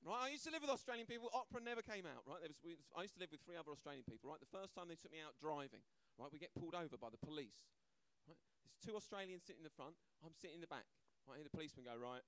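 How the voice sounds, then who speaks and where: Man, stand-up comedian, brash, fast, smooth clear voice. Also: fairly high pitch, animated, fairly bright tone, no room sound. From Britain. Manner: brash, conversational, acts out voices, keeps asking "right?". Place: comedy club stage, live audience.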